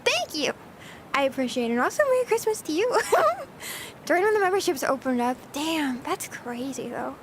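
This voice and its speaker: A woman's voice: high voice, big pitch swings, moderate pace, slight background noise. Bubbly, giggly young woman streamer. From United States. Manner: bubbly, giggly, chatty, reads out chat. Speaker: VTuber streamer. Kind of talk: casual live-stream chat.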